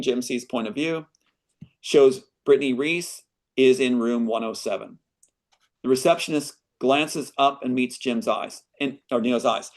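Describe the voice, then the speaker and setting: Man reading his screenplay aloud. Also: mid-range voice. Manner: earnest, interrupts reading with asides. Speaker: screenwriter guest.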